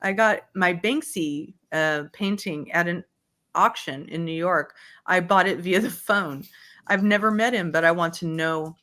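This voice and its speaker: A woman's voice: fairly low pitch, unhurried, fairly bright tone. A woman hosting an online book club, reading a memoir aloud and chatting in a heartfelt way. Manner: heartfelt, breaks off to apologize.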